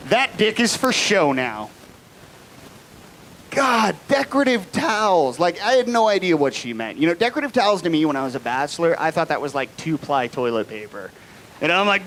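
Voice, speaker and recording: A man's voice: fairly high pitch, sing-song, moderate pace, fairly bright tone, a little hiss or hum, rough recording. A man hosting a live stand-up comedy show, telling crude stories on a club stage. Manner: crude, storytelling with quoted voices.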